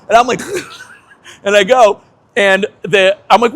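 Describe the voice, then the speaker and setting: A man in his fifties, a veteran skateboarder telling an animated story, laughing often and swearing casually. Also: very high voice, normal speed, pauses often.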